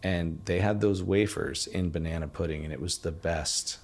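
A man hosting a podcast, chatting casually and rambling, often trailing off softly. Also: low voice, moderate pace. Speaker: podcast host. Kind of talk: casual chat.

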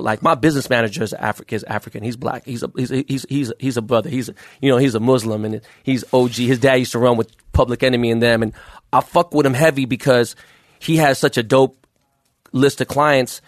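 A man talking very fast and loose in a relaxed interview, full of "you know" and swearing. His voice sounds dry and close, with the room barely there. He sits at a middling pitch and runs his words together in a hurry. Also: no room sound. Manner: rapid, profane street talk full of fillers. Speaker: jeweler, podcast guest. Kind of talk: casual interview chat.

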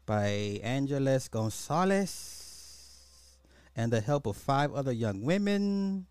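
A man's voice: mid-range voice, very animated, takes it slowly, a little mellow, smooth, dry recording. A man hosting a commentary podcast, repeating rhetorical questions in disbelief and talking straight to his listeners. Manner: incredulous, repetitive, rhetorical questions; addresses listeners as y'all. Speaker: podcast host. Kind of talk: social commentary reacting to clips.

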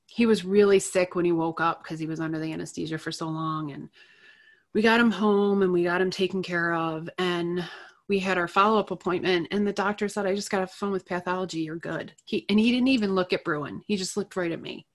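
Speaking a touch quickly in a lowish voice, this middle-aged guest recounts something personal and emotional. She's open and lively, with laughter slipping in between her phrases.

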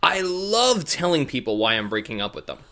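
A man's voice: on the high side, very animated, a little fast, sharp tone. A man in casual chat, cutting in with sarcastic jokes. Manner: joking, sarcastic interjections.

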